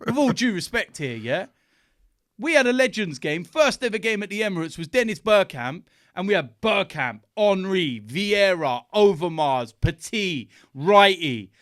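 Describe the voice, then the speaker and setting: A man trading casual football banter on a podcast, jokey and animated. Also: high voice, unhurried, dry recording, clean studio sound. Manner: animated, jokey trash talk with laughs. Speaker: podcast guest and fan pundit.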